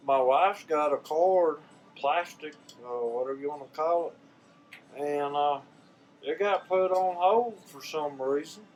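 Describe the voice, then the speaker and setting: Fairly high in pitch and darkish in tone, this older man speaks at a measured pace while faint music plays behind a poor-quality recording. A vlogger with a Southern US accent, he chats to camera in a heartfelt, folksy, rambling way and repeats himself often.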